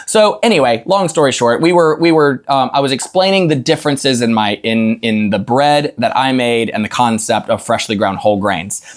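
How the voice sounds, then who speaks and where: A man's voice: mid-range voice, lively intonation, moderate pace, hardly any pauses. Chatty young man telling a story. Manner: rambling, with many restarts and fillers. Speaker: guest, baker's son. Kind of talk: casual storytelling chat.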